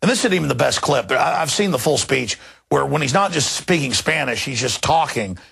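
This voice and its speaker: This talk radio host, a man in his thirties, delivers news commentary at a slightly fast clip, animated and indignant as he mocks what he reports and breaks into overblown impressions. His mid-range voice is creaky and fairly bright, carrying a breathy edge.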